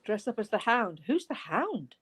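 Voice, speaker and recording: A woman's voice: on the high side, very animated, moderate pace, breathy edge. A woman chatting on a live video panel, teasing and chatty, laughing often. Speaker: panel guest. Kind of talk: casual live stream chat. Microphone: video call.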